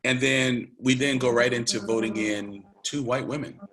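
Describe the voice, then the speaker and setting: A man's voice: mid-range voice, steady tone, moderate pace, fairly bright tone. A man giving an earnest, conversational online presentation, talking directly to a large audience and emphasizing key points.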